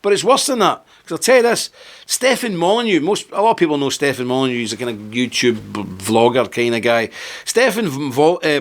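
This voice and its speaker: A man's voice: a little high, fairly bright tone. A man hosting a political commentary monologue, talking in an indignant, emphatic way and firing off rhetorical questions. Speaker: host.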